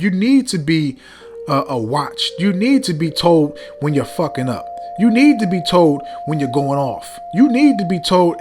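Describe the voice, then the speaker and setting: A man's voice: on the high side, darkish tone. A man preaching a heated rebuke sermon, reading scripture between blunt, profane remarks, often stumbling over fillers and repeating "man".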